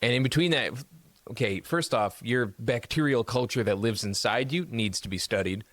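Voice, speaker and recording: A man's voice: mid-range voice, normal speed, fairly bright tone, no room sound. A man co-hosting a podcast who cuts in with teasing, quizzing questions during casual chat. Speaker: podcast co-host.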